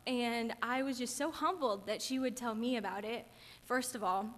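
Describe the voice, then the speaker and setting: A woman's voice: on the high side, moderate pace, a bit bright. A young woman, a camp counselor, earnestly and chattily sharing a personal testimony in church. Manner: earnest, chatty, gets teary. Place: church sanctuary. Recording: church hall reverb.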